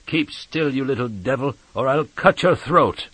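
A man's voice: medium pitch, animated, a little slow, fairly bright tone, breathy edge, dry recording, voice pushed up. A man voicing a terrifying escaped convict who growls savage threats and barks commands. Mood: menacing.

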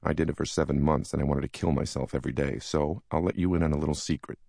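Man voicing charismatic big-shot broker, soothing but crude, very deep voice. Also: steady tone, fast talker, creaky, dark tone, no echo, clean studio sound, heavily acted. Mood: brash. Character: charismatic male senior stockbroker, big and brash.

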